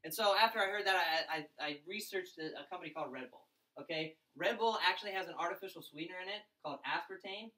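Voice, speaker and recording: A young man talks fast and excitedly to a room of college students, with a bright, forceful tone. He keeps acting out what friends and family said. The mic sits a little way off from him. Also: high voice, reverberant, far from the mic, low-quality recording. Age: young adult. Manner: fast, excited storytelling with mimicked voices. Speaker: event speaker. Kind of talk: energetic pitch talk to a crowd.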